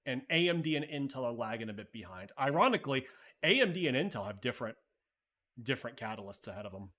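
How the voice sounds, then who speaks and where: A livestream host with a mid-range, bright, forceful voice talks quickly with large swings in pitch. He answers viewers' messages in loose, thinking-aloud chatter peppered with casual profanity.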